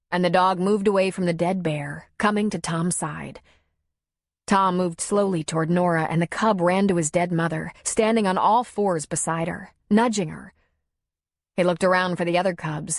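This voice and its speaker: Audiobook narrator, woman, lower voice, dry close studio sound. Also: steady tone, normal speed, no room sound. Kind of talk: scripted narration.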